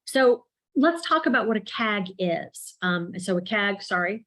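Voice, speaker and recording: A woman's voice: medium pitch, rough recording. A woman consultant presenting a community involvement program at a public meeting, explaining at length with frequent fillers.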